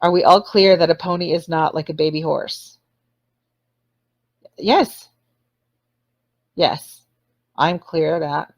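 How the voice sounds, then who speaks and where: A woman's voice: sits low, no room sound, muffled recording. Rambling woman hosting a livestream. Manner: rambling, laughs often, apologetic asides. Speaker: livestream host. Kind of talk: casual livestream chat.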